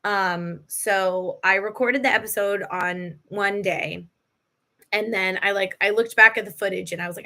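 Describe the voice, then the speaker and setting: A woman's voice: mid-range voice, steady tone, a little slow, pushed and bright. A woman hosting a live podcast Q&A, chatty and emotional, laughing often as she talks. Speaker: podcast host. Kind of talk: live Q&A chat.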